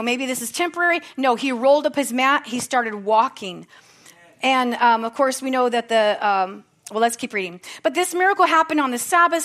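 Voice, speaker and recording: High-voiced woman preaching fervently. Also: fairly bright tone. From United States. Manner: fervent, exhorting, repetitive calls to action; conversational asides, laughs at herself. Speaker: pastor. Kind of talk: sermon.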